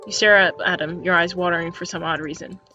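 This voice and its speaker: A woman's voice: fairly low pitch, fairly even intonation, fast, pushed and bright. A woman reading an interactive story game aloud in second person, stumbling and restarting words often. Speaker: narrator. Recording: dull lo-fi recording with faint music.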